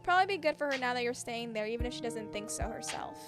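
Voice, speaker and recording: A woman reading the lines of a friendly, chatty small-town young woman from a game, with soft teasing gossip. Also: a little high, animated, fast, music in the background, lightly acted. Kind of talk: reading game dialogue aloud.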